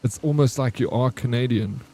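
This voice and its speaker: A man's voice: mid-range voice, fairly quick, mellow, faint music behind. A young man, chatting casually with his stream while playing a game, slangy and laid-back. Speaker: gaming streamer.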